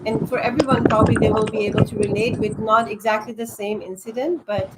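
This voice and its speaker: A woman's voice: on the high side, steady tone, fast talker. A woman co-hosting a live panel, thanking the speaker and reading out viewer comments in an appreciative way. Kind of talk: live stream panel talk. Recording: loud background noise.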